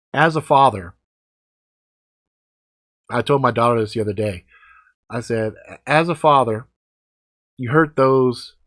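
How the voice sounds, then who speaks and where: Male, 40s, vlogger. Casual, blunt and profane, lively storytelling. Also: medium pitch. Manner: blunt, heavy swearing, animated. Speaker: vlogger answering comments.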